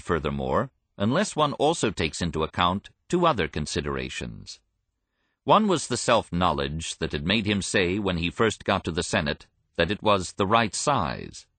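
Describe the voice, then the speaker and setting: Deep-voiced man narrating. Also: fairly bright tone, no echo. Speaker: audiobook narrator. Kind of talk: scripted narration.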